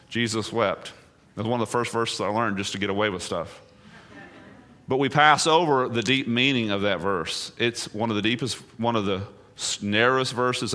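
Male pastor, sermon delivery, bright forward tone, throws questions at the congregation, drops low then climbs to emphatic peaks. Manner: rhetorical questions, swinging between hushed and emphatic.

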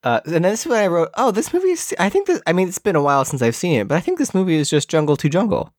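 A woman's voice: on the low side, big pitch swings, rapid-fire, darkish tone, no echo, studio quality. A woman co-hosting a podcast, chatting casually about a movie, laughing often and acting out the characters' lines. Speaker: podcast co-host.

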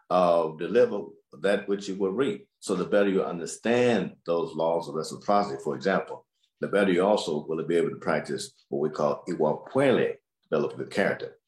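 A man, a scholar, answering interview questions in a measured, explanatory way. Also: low-pitched, reverberant. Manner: measured, explanatory, repeats words.

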